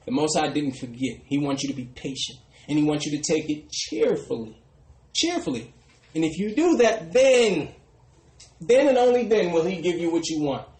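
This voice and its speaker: A man preaching a sermon who often trails off into a soft "brothers and sisters". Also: on the high side, a little fast, reverberant, low-quality recording. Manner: ends phrases with a dropping, quiet "brothers and sisters". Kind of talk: street sermon.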